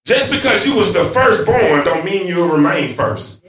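Preacher guy shouting then going quiet, bright high voice, echoey church heard from the back. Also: big pitch swings, measured pace, distant mic. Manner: fervent, swinging between shouting and hushed. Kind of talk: sermon. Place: church sanctuary.

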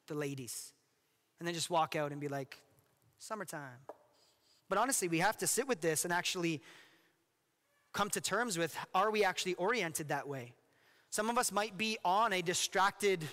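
Animated high-voiced male preacher. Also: long reverb tail. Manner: animated, jokey, asks the audience questions. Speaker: pastor. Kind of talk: sermon.

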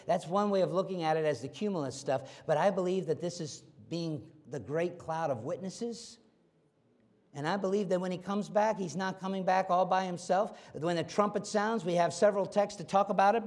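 A man preaching a sermon, stressing lines by repeating them, and swinging from loud to hushed. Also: high voice, animated, moderate pace. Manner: emphatic, repeating key phrases, swinging between loud and quiet.

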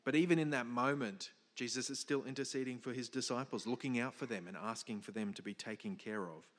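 A man's voice: medium pitch, fairly quick, big-room sound. A man preaching a sermon, explaining a passage with emphatic stresses, some restarts and fillers. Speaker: pastor.

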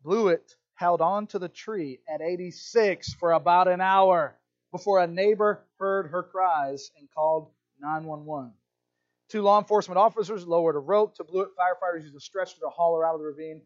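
A man's voice: sits high, normal speed, highs cut off. A man preaching a sermon as a pastor, telling stories and acting out little voices. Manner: animated storytelling, acts out voices.

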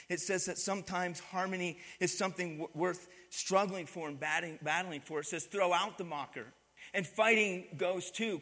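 A man's voice: sits high, pushed and bright, long reverb tail. A man preaching a sermon as pastor, calling on the congregation to answer back and repeat his words. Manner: call-and-response preaching, asks the congregation to repeat. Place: church sanctuary.

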